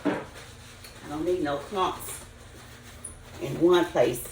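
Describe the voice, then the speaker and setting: Her low voice moves extremely slowly, with background noise behind it. The speaker, an older woman from the Southern US, cooks in her echoing home kitchen while chatting in a casual, folksy manner for her vlog.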